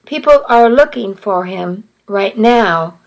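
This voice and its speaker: Woman reading as a steady, soothing man. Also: medium pitch, slow, creaky, low-quality recording. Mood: reassuring.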